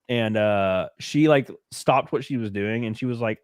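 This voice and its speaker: A man's voice: mid-range voice, normal speed, few pauses, darkish tone, dry recording. A man in his thirties hosting a podcast, telling a personal story in a candid, rambling way with lots of fillers. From United States. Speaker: podcast host. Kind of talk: casual chat.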